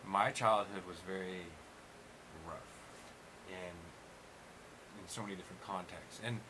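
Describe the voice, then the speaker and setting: A man with a somewhat low voice hosting a loose, casual chat in a studio room. He rambles, swears freely and often restarts his sentences, and a steady hiss runs under the recording. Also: slow, rough recording. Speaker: host. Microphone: 360 camera.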